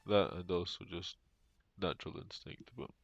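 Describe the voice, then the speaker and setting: Low-pitched and gravelly, with no echo, this man talks at a moderate pace while streaming a game on a headset at home. The streamer and young father rambles, leans on fillers, and cracks dry jokes, with music behind the dull lo-fi sound.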